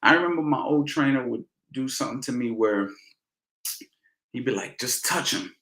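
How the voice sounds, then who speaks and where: A man coaching boxing in a casual question-and-answer session, talking in a relaxed way and often adding "you know" and "man". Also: medium pitch, moderate pace, echoey room, background noise. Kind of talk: casual Q&A instruction.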